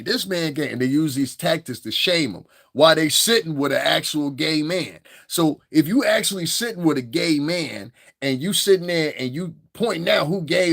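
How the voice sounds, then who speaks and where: A man's voice: fairly high pitch, gravelly, fairly bright tone, dry recording, studio quality. A man giving crude, rambling, unscripted commentary, laughing often between points. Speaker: commentary streamer.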